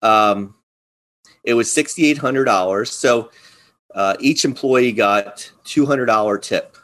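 A man's voice: mid-range voice, slow pace, fairly bright tone. A man co-hosting a podcast in casual chat, rambling with many fillers and restarts. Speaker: podcast co-host.

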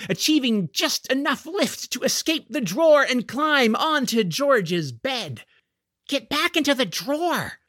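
A man narrating a family novel with a lively, expressive delivery that rises and falls a lot. His voice is bright and somewhat high, recorded close and dry. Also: no echo. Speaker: audiobook narrator. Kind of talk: scripted narration.

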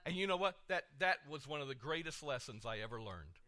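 A middle-aged male pastor giving an animated sermon, dropping soft then surging loud, with repeated words. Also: medium pitch, brisk.

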